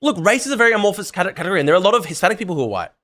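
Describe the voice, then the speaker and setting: A man with an Australian accent, debating casually as a guest and talking in quick bursts full of restarts and "like" fillers. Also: sits high, very animated, a bit bright. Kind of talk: casual live-streamed debate.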